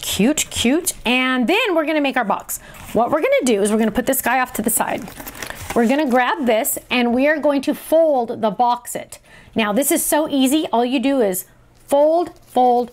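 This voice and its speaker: A middle-aged woman hosting a craft tutorial, chatty and excitable, talking to herself as she works. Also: high voice, moderate pace. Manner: chatty and excitable, talks to herself while working. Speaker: crafting show host.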